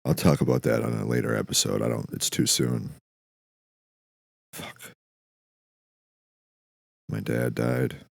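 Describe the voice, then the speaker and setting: Deep gravelly deadpan man. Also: normal speed, pauses often, no echo. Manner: dry, deadpan, profane. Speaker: podcast host. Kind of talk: deadpan comedic monologue.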